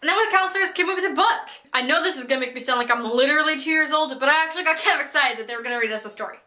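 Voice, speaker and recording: A young woman telling a storytime vlog in an animated, self-mocking way with frequent laughs. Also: high-pitched, rapid-fire, echoey room. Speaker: vlogger.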